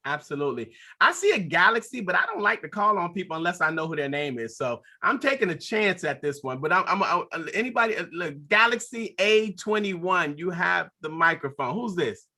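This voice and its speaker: A man's voice: high voice, very animated, brisk, few pauses. A man hosting a video call, enthusiastically thanking his guest and calling on participants to speak. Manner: enthusiastic, warm-hearted praise, calls on speakers. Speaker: host.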